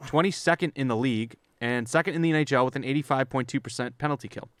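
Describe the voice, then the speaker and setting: A man co-hosting a sports podcast, briskly reading through lists of stats and signings and then chatting casually. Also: medium pitch, dry recording, clean studio sound. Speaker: podcast co-host.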